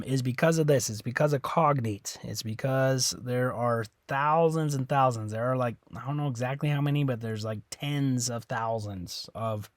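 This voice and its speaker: In this recorded classroom lesson, a male teacher covers Spanish casually, often checking in with "okay?" while repeating words and correcting himself. His voice is medium-pitched, with no echo.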